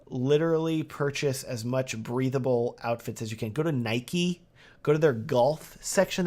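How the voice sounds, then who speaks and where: A man's voice: mid-range voice, a little mellow. A man with a Texan accent chats through a casual livestream Q&A. He sounds upbeat and loose, leaning on "um" and "like" as he goes. His voice sits in an ordinary middle range. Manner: casual and upbeat, many fillers like "um" and "like". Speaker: wedding videographer hosting a livestream Q&A. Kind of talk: casual livestream chat answering viewer questions.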